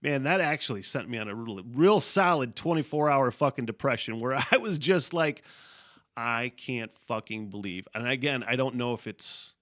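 A man's voice: mid-range voice, animated, normal speed, hardly any pauses, a bit bright. A man hosting a casual solo podcast, rambling and swearing freely, often laughing mid-sentence. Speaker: podcast host.

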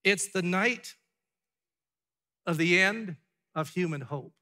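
Bright-voiced male preacher, rising and falling. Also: high-pitched, slow pace. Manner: dramatic, drops to a hushed tone for emphasis, then builds up; asks the congregation rhetorical questions. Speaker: pastor. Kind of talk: sermon. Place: church sanctuary.

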